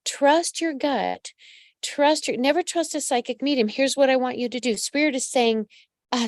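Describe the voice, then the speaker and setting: A woman psychic medium hosts a live reading in a fairly high voice, recorded close and dry with no room sound. She coaches listeners directly and keeps calling them honey and darling. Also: moderate pace, no room sound. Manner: affectionate, calls listeners pet names. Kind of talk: live-streamed astrology reading.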